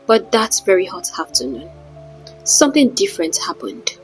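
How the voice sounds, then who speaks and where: A woman narrating a folktale in a dramatic, measured way with wry asides. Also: on the low side, big pitch swings, faint music behind, rough recording. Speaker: storyteller. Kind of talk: scripted story narration.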